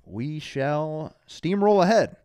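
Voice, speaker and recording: Man, show host, live fan chat, smooth resonant voice, very animated pitch, energetic. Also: slow pace. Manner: energetic, shouts out viewers by name. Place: studio under hot lights.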